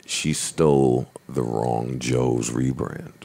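A man hosting a podcast in casual chat, animated and heckling, swearing freely. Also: rumbling low, gravelly, dry recording. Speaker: podcast host.

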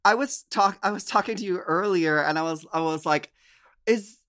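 A man's voice: sits high, moderate pace, fairly bright tone. A man co-hosting a podcast in casual chat, gushing and laughing between phrases, with lots of "like". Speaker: podcast co-host.

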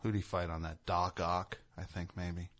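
A man's voice: low-pitched, level tone, moderate pace, fairly bright tone, a little hiss or hum. A man hosting a radio chat show, joking and riffing on bits with his guest. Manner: jokey, riffs on bits with laughs. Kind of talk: casual comedic chat.

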